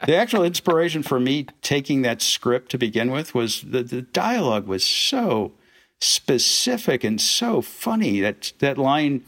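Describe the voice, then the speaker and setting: A man's voice: mid-range voice, a little slow. A man, a film director, telling anecdotes as a guest in a casual interview. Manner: animated anecdotes with acted-out quotes.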